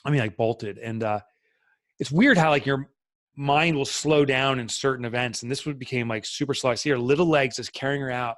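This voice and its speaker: A man's voice: medium pitch, brisk, fairly bright tone, no echo. A middle-aged man, a podcast guest, telling a candid personal story in an earnest, reflective way with many fillers.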